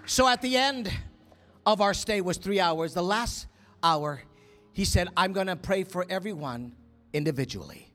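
A man preaching, telling a story in an animated way, acting out quotes with gasps and whispers. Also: sits high, moderate pace, soft background music. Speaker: pastor. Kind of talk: sermon storytelling.

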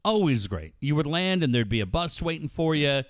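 A man's voice: a little high, normal speed, no echo, studio quality. A man in casual chat, telling crude stories with lots of swearing and laughter. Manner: profane, animated storytelling with frequent laughs.

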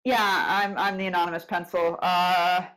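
A woman's voice: fairly low pitch, level tone, normal speed, fairly bright tone, low-quality recording. A woman hosting a casual podcast interview over a call, teasing her guest and reading questions from the chat. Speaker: podcast host.

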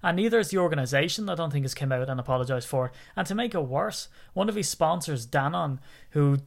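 Animated, joking man on a podcast. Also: on the high side, fast talker, creaky. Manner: joking, animated storytelling with laughs. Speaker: podcast co-host. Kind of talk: casual chat.

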